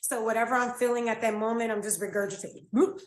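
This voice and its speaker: High, expressive woman in an echoey room. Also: fast. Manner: animated, emotional storyteller who laughs often. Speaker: yoga teacher and podcast guest. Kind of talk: casual interview conversation.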